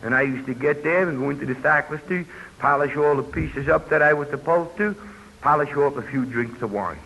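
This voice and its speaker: An older New York man tells his story at a recovery convention in plainspoken personal testimony, laced with folksy asides. He sounds a little high, brisk, creaky, husky and sharp. Hiss and muffling come from the old tape.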